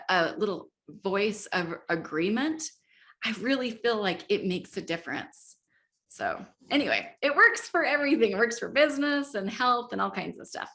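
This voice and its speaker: A middle-aged woman speaking as an interview guest, animated and laughing often, acting out inner voices as she talks. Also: mid-range voice. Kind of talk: enthusiastic interview talk.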